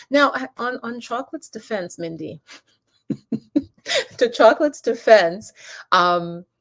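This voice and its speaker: A middle-aged woman hosting a casual live stream, chatting with viewers, reading out their comments by name and laughing often. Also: fairly low pitch. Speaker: yoga and mindfulness channel host. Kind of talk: casual livestream talk reading chat comments.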